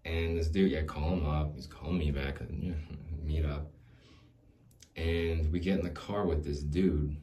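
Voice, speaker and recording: A man with a very low voice talks alone on his podcast in a loose, rambling monologue. He restarts sentences, leans on filler words and swears casually. He laughs between thoughts as he drifts from one point to the next. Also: steady tone, measured pace, mellow. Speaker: podcast host.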